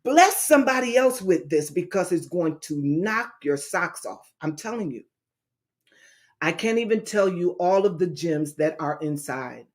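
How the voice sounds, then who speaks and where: A woman's voice: on the low side, expressive, unhurried. A middle-aged woman evangelist in a casual livestream talk, speaking in an emphatic, repetitive, preacher-like way.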